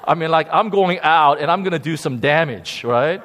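A man preaching a sermon, telling a story with animated emphasis and frequent repeated words. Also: fairly high pitch, moderate pace. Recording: long hall reverb.

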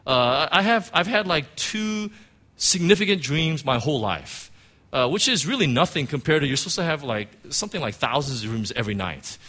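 A middle-aged man, a pastor, giving an emotional personal testimony in church, halting and restarting as he tells it. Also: on the high side, expressive, sharp tone. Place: church sanctuary.

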